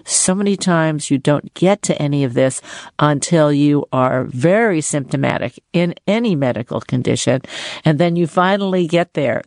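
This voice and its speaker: A woman's voice: sits low, darkish tone, no room sound. Middle-aged woman host from California; chatty, effusive, dry close sound. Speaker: interview host. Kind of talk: conversational interview.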